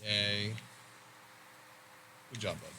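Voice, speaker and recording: A man co-hosting a stream, chatting casually while gaming and keeping his voice quiet on purpose. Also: lowish voice, fairly even intonation. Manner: deliberately speaking quietly. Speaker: co-host of a wrestling talk stream.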